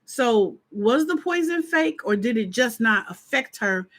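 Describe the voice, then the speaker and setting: A woman's voice: on the high side, measured pace. A woman hosting a live stream in casual chat, talking straight to her viewers and acting out her own reactions. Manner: chatty, animated, acts out her reactions; informal, talks straight to viewers.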